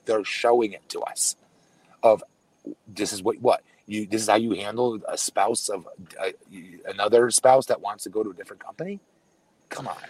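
A man's voice: on the low side, moderate pace, a little mellow, breathy edge, no echo. A man co-hosting a casual podcast, talking in a blunt, emphatic way. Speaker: podcast co-host. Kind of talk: casual wrestling chat.

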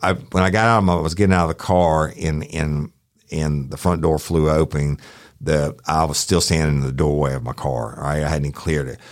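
A middle-aged man tells a true-crime story in a rambling, profane way, acting out what people said. His voice sits extremely low and deep. The recording is dry and close, with no room sound. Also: fairly even intonation, brisk, no echo. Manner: rambling, profane, acts out quotes. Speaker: podcast host, former sheriff's deputy.

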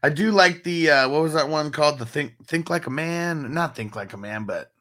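A man's voice: on the high side, moderate pace, fairly bright tone. A man hosting a fantasy football podcast, chatting casually with loose, laughing, profane banter. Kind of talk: casual chat.

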